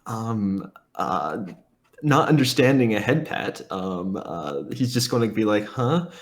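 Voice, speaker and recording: Slow, hesitant man playing a tabletop game. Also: on the low side, lively intonation. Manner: hesitant, halting. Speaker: player.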